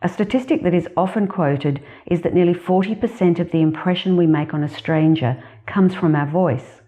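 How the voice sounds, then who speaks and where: A woman with an Australian accent, a career specialist giving measured, deliberate advice in a scripted talk to camera. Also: lowish voice, dark tone.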